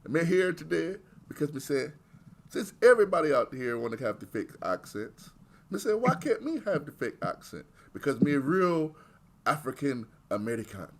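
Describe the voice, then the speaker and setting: A booming, playful Rasta character with an exaggerated fake Jamaican lilt, put on by a man. Words are stretched long and pitched high, swinging up and down with lots of life. It is a jokey, boastful bit rather than a serious impression. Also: sing-song, creaky, full character voice. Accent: put-on Jamaican patois. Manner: loud, high, drawn-out.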